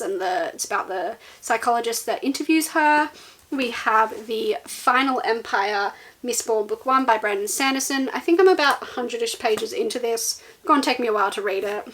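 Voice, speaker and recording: A woman's voice: on the high side, fairly bright tone, rough recording. A woman chatting casually as she lists the books on her shelves, rambling with fillers. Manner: chatty, rambling, with ums and laughs. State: running out of breath. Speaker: booktuber. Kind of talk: casual book haul chat.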